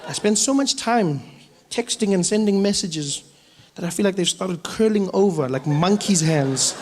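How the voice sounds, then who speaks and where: Comedian, animated stand-up, voice a bit high, faint noise. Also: male voice, normal speed. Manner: animated storytelling with acted-out voices. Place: comedy stage before a live audience.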